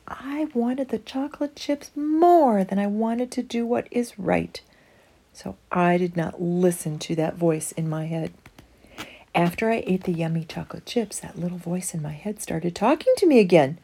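A woman reads a children's picture book aloud, telling the story expressively. Her voice is lowish with vocal fry and a slightly rough quality, and her pace is moderate.

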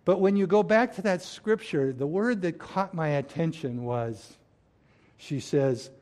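A man delivering a sermon in a fairly high voice. He preaches emphatically, pushing key phrases out loudly and then sinking into soft, hushed lines. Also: expressive, unhurried. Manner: emphatic preaching, swinging between loud stresses and hushed drops. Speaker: pastor.

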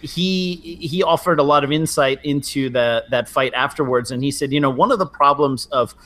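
A man in casual sports chat, talking in a measured, analytical way with frequent fillers. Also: medium pitch, fairly bright tone. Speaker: podcast co-host.

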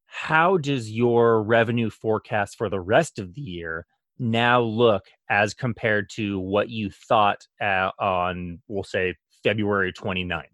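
A man hosting a podcast interview, asking questions in a conversational, halting way. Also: fairly low pitch, a bit bright, dry recording, studio quality. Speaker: podcast host.

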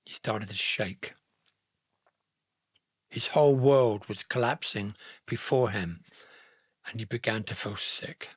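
A man narrating a Bible story in a slow, gentle, earnest reading style. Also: fairly low pitch, slightly rough, no room sound, clean studio sound.

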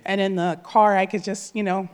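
A woman's voice: mid-range voice, little pitch movement, normal speed, a little mellow, clear, resonant tone. A woman in her thirties giving an emotional, earnest personal testimony at church, speaking from the heart with many fillers. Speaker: church member sharing a testimony.

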